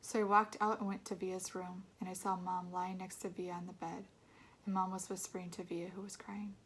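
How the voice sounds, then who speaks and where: A woman reading a children's novel aloud in a soft, intimate way, often dropping to a whisper. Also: fairly low pitch, level tone, moderate pace, husky. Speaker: read-aloud narrator. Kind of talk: storybook narration.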